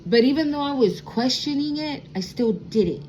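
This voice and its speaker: A woman's voice: sits high, lively intonation, normal speed, darkish tone, soft background music, rough recording. A woman in her thirties giving a casual spiritual vlog as a tarot reader, talking in a sassy, blunt way with plenty of slang and swearing.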